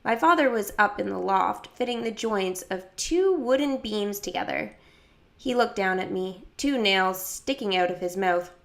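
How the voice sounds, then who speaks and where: A woman narrating a children's book in the first person, lively, jumping up to higher pitch for other characters' lines. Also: measured pace, gravelly. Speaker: audiobook reader.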